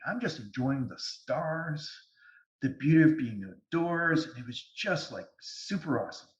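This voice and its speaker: A man speaking as a guest medium, telling stories in an animated way over a video call. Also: a little high. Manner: animated, lively storytelling. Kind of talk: storytelling interview. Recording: distant, echoey, dull sound.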